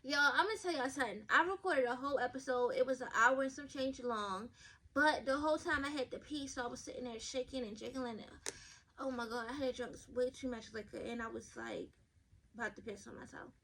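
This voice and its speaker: Woman, podcast host, high voice, blunt, profane, chatty, reads stories aloud, stumbles on words. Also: a little fast, sharp tone. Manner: stumbles over words when reading aloud. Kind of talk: casual podcast commentary reading advice stories.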